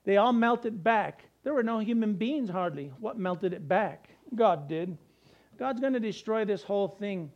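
A male pastor delivering a sermon, animated and conversational, with asides to the congregation. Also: high-pitched, measured pace, highs cut off.

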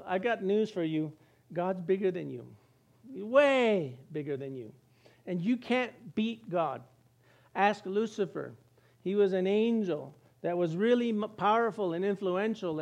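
Middle-aged pastor guy, high voice, chatty sermon w/ jokes and little acted bits. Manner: lively, joking asides, acts out quoted voices. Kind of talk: conversational sermon.

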